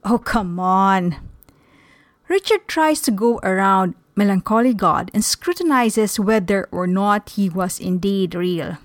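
A woman reads stage directions at an unhurried pace. Her delivery is plain and measured. The recording sounds dry and close. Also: mid-range voice, dry recording. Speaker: narrator of a play reading. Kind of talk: reading a script aloud.

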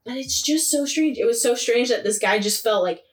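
A young woman co-hosting a casual sports podcast, telling stories in an animated way with frequent laughter. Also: a little high, far from the mic. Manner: animated storytelling, laughs often, quick asides. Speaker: podcast co-host. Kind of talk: casual chat.

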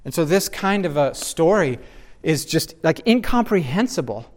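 His voice runs on the high side and moves in a sing-song manner at a moderate pace. He's a Bible teacher leading a conversational discussion, earnest and searching, who keeps restarting sentences as he searches for words.

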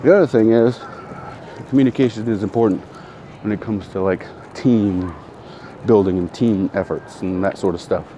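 A middle-aged podcast host, his voice fairly low and dark-toned, walks outdoors at a moderate pace, rambling along in a casual monologue. He keeps correcting himself and greeting passersby over the noise of traffic and the street.

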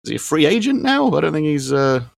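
A man's voice: on the high side, sing-song, fast talker, creaky, no echo, clean studio sound. A man co-hosting a podcast, chatting casually and hesitantly with many ums. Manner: rambling, hesitant with many ums, reads facts aloud. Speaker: podcast co-host. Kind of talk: casual chat.

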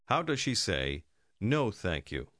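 A man's voice: lowish voice, very animated, slow, a bit bright, dry recording, clean studio sound. A man narrating a recorded language course, giving instructive prompts to the learner. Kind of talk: scripted lesson narration.

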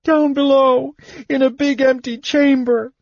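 Frantic little kender, very high, sobbing, storybook reading. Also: male voice, fairly even intonation, unhurried, creaky, a little mellow, no room sound, lo-fi sound, heavily acted. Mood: wailing. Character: wailing, tearful kender, small and childlike.

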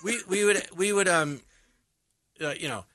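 A man chatting on a radio show as a comedian guest, telling animated stories, laughing often and acting out the voices of people in them. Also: high-pitched, moderate pace, no echo, clean studio sound. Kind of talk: casual radio chat.

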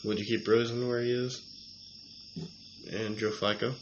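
A man co-hosting a casual sports rankings chat, reading long lists of names in a halting, methodical way. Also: medium pitch, flat delivery. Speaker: co-host. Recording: slightly dull audio, faint noise.

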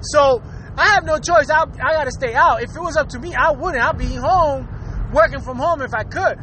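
A man's voice: very high-pitched, normal speed, pushed and bright, slight background noise. A man in his thirties hosting a casual podcast, ranting bluntly with lots of swearing and frequent laughter. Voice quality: profane, laughs often, blunt. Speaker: podcast host.

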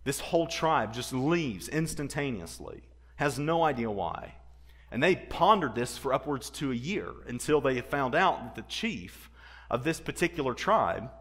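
A man preaching a sermon, telling a story with animated energy, repeating words and acting out the people he quotes. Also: mid-range voice. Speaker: pastor.

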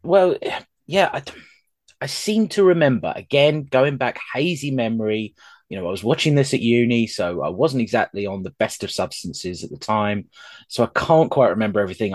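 A man's voice: lowish voice, no echo. A young man hosting a casual podcast, rambling with many ums and restarts, self-deprecating. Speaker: podcast host.

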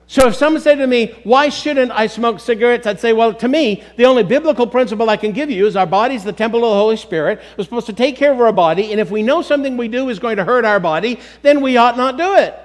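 A middle-aged man with a high voice preaches from the pulpit. He speaks emphatically and addresses his congregation directly. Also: lively intonation, quick pace, hardly any pauses. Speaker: pastor. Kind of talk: sermon.

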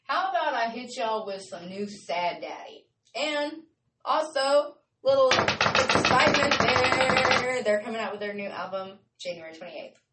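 A woman's voice: medium pitch, big pitch swings, normal speed, distant mic. A woman hosting her show in a casual, rambling, chatty way, often laughing. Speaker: show host. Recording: roomy sound from off-mic with faint noise.

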